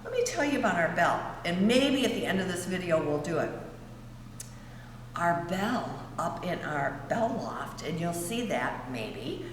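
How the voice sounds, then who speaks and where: A woman's voice: on the low side, sing-song, slight background noise. A woman giving young schoolchildren a video tour of a large church sanctuary, asking them friendly questions as she goes. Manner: slow, friendly teacher-like questions to kids. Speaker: church guide for a school field trip. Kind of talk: virtual tour for young children. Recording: echoey church hall, from afar.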